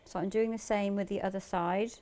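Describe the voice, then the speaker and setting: A woman's voice: mid-range voice, fairly even intonation, fairly quick, warm tone. A woman demonstrating sewing live in a TV studio, explaining each step in a chatty way and laughing easily. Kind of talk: live shopping-TV sewing demo.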